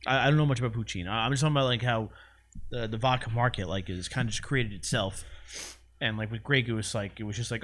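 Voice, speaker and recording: A man's voice: medium pitch, fast, a bit bright. A man co-hosting a podcast in casual chat, easygoing and agreeable, rambling through stories. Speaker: podcast co-host.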